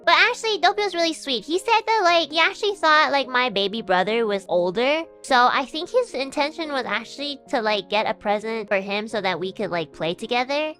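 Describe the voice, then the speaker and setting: A woman's voice: sits high, lively intonation, brisk, hardly any pauses, fairly bright tone, soft background music. A young woman streamer chatting casually and animatedly, laughing and swearing as she talks. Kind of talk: casual chat.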